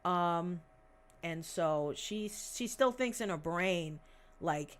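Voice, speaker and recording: A woman's voice: lowish voice, animated, takes it slowly. A woman in her twenties chatting on a livestream. She rambles bluntly, swears, and makes sarcastic asides while searching for things aloud. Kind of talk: casual livestream chat.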